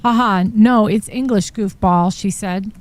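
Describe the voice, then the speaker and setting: Speaking unhurriedly in a mid-range voice, a woman hosting a true crime live stream reads out text messages entered as trial exhibits. Every so often she reacts with a startled comment.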